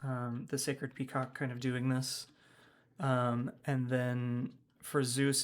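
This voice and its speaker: A man's voice: mid-range voice, level tone, takes it slowly. A man running a tabletop game as game master, describing scenes with frequent ums and hedging words. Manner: hesitant, many ums.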